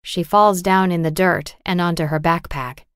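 A woman narrating a storybook for English learners with a clear, measured, carefully articulated reading. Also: fairly low pitch, steady tone, no room sound, studio quality.

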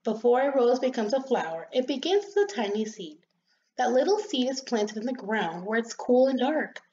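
A woman reading a children's story aloud in an expressive, gentle storytelling manner. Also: fairly high pitch, moderate pace. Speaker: storybook reader. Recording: slightly dull lo-fi recording.

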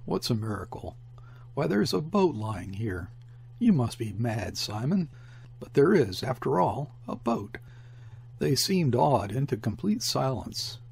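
A man reading a classic short story aloud as an audiobook narrator, in a measured storytelling manner. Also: mid-range voice, gravelly, a little mellow, slightly rough. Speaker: audiobook reader. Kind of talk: scripted literary narration.

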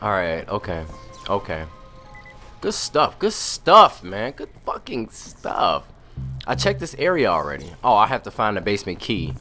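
A young man riffs and jokes through a let's-play in loud, profane bursts. His pitch swings widely, from low mutters to sudden high yells. Music plays faintly behind him. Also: wildly swooping pitch, unhurried. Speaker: gaming commentator. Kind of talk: casual let's-play commentary.

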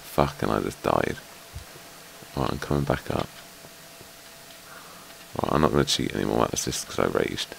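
A man's voice: extremely low pitch, animated, moderate pace, gravelly, long pauses, a bit bright, slight background noise. A man playing a game with a friend, swearing a lot and raging at the enemies that keep killing him. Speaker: gamer. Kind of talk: casual gaming chat.

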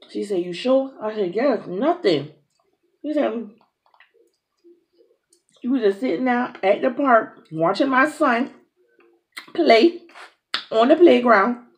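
A young woman telling a lively story over a meal, acting out each speaker's lines. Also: medium pitch. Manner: animated storyteller acting out dialogue, drawling. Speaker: mukbang host. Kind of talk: casual storytime while eating.

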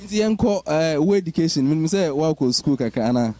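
A man's voice: a little high, expressive, brisk, dark tone. A man interviewing a guest, asking questions in Twi mixed with English. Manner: asks questions, code-switching between Twi and English.

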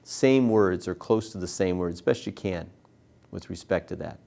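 A man's voice: low-pitched, moderate pace, creaky, mellow. A man teaching trial advocacy, explaining cross-examination step by step and acting out sample questions to a witness. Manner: acts out lawyer and witness exchanges in a raised voice.

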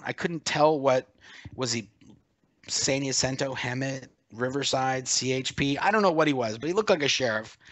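A man's voice: medium pitch, dry recording. A man telling a story in a loose, conversational way. He stops to correct himself and jumps into little acted-out quotes. His mid-range voice sits close and dry, with no room sound around it. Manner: animated, self-interrupting, acts out quotes. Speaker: guest recounting a personal story. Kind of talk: casual spoken storytelling.

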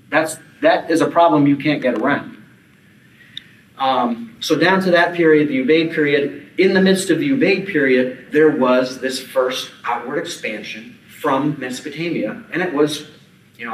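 A man's voice: mid-range voice, a little hiss or hum. A man giving an archaeology conference lecture, mixing academic points with informal asides and dry jokes. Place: conference hall. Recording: echoey hall, mic at a distance.

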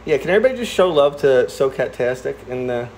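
A man's voice: very animated, quick pace, a little hiss or hum, poor audio. A young man chatting casually on a livestream from his newly moved-into house. He rambles, restarts and corrects himself. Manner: coos to his cats in a high soft voice.

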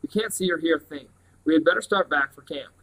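Steady country dad in a storybook read-aloud, voiced by a man, slightly high voice. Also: fast talker, distant mic, poor audio. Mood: firm. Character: rural father, grown man, steady. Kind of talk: reading a novel aloud.

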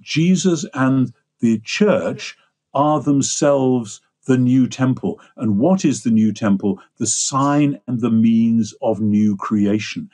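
An older Englishman with a dark, medium-pitched voice appears as a guest theologian in an interview. He explains ideas at length in a discursive, lecturing manner.

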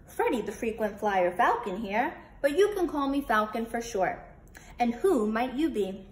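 A woman's voice: a little high, very animated, measured pace. A woman voicing a proud, friendly male falcon who reassures and explains in a storybook reading. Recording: roomy with faint noise.

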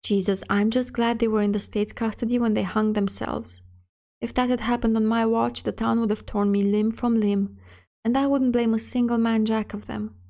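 A woman's voice: fairly high pitch, flat delivery, moderate pace, mellow, close to an everyday voice. A woman reading the part of a middle-aged male sheriff, heavy with guilt and self-reproach, in a storybook reading. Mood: anguished.

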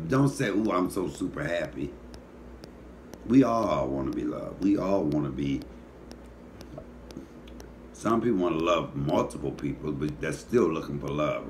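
A man with a very low voice runs a loose comedic monologue, lively and foul-mouthed as he teases his audience. A faint background hiss sits under his talk. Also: normal speed. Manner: animated, profane, teasing storytelling.

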